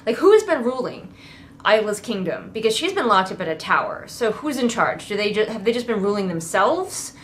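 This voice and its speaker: A woman's voice: mid-range voice, big pitch swings, a little fast, slight background noise. A woman giving a casual, sarcastic book critique, swearing freely and mocking the characters. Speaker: book reviewer.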